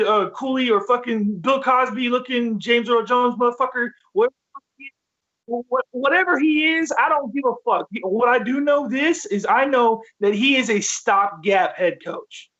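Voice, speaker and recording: A man's voice: sits high, a bit bright. A man hosting a sports talk show, ranting in a furious, profane, repetitive way. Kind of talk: heated sports rant. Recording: dull lo-fi sound.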